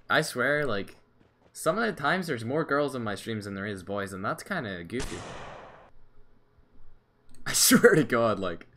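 A young man live-streaming a mobile game, chatting casually with slang and quick exclamations while reading his viewers' chat. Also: on the low side, bright, forceful tone, a little hiss or hum. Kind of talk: live mobile gameplay commentary.

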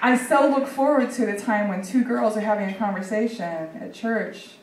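A young woman doing stand-up comedy, sarcastic and deadpan, her lines loose with ums and likes. She is heard from a distance in a roomy, echoing club. A faint hum of the room sits behind her. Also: mid-range voice, moderate pace. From Dallas, Texas. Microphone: handheld stage mic. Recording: echoey room from far off.

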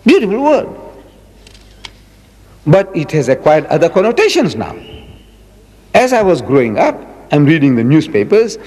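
A man in his seventies giving a religious lecture, emphatic and repeating his key words, drawing out quotations slowly. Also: on the high side, a little mellow, husky, big-room sound, rough recording. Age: 70s. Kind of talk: public lecture.

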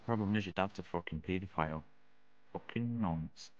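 A man's voice: deep voice, moderate pace, no echo, dull audio. A man hurling crude insults at another player over game voice chat. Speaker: other player.

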